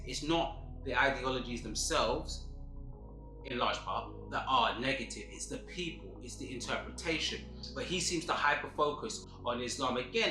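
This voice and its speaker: Earnest male commentator in a roomy space. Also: mid-range voice. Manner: measured, self-correcting, earnest. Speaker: commentary host. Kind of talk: opinion commentary.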